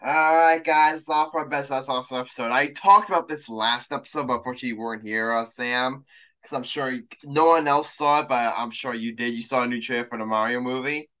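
Bright-voiced man hosting a casual podcast. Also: mid-range voice, steady tone, a little fast. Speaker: podcast host. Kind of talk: casual chat.

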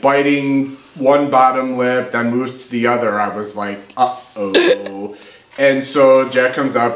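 A man talks unhurriedly at an ordinary middle pitch, a podcast guest spinning an anecdote in casual conversation. He tells it in an animated way and often breaks into laughter. The room around him rings a little, with a faint hiss underneath. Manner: animated, laughs through his stories. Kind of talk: casual storytelling chat. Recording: roomy with faint background noise.

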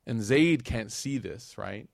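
Animated man giving a casual lecture. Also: mid-range voice, slow pace, vocal fry, no echo, studio quality. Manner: conversational, animated, slangy asides. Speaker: Islamic lecturer.

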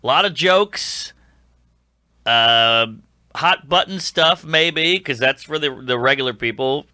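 A man with a very bright, slightly high voice chats as a guest comedian on a podcast. He talks in an animated, jokey way, slipping into quoted voices. The sound is dry and close. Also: slow, no room sound. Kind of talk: casual podcast chat.

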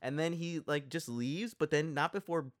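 A man's voice: on the high side, moderate pace. Man recapping a film in casual chat, quoting characters as he goes. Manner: retells scenes by quoting characters, lively.

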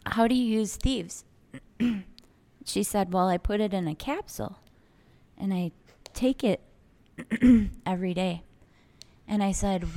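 A woman's voice: medium pitch, takes it slowly, pauses often. Chatty woman telling a shop story. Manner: chatty, animated, acts out quoted customers. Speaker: podcast co-host, aromatherapy shop owner. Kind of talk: casual chat, storytelling.

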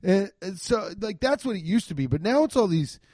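Animated man telling comic stories, dry mic. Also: high-pitched, brisk, dry recording. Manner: animated, profane, acts out quotes in silly voices. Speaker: podcast host. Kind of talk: comedic storytelling.

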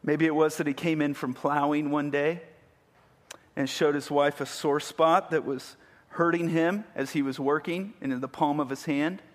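Preacher with a ringing hall echo. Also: male voice, a little high, fairly even intonation, moderate pace. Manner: vivid storytelling, building to emphatic peaks. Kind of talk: sermon. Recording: long hall reverb.

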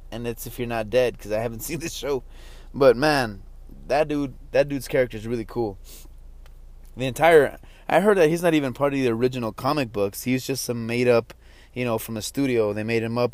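A young man rambling through a casual podcast rant, slangy and quick to mock himself. His voice sits at an everyday middle pitch. The recording is dry and close, with no room sound. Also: no echo. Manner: rambling, slangy, self-mocking. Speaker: podcast host.

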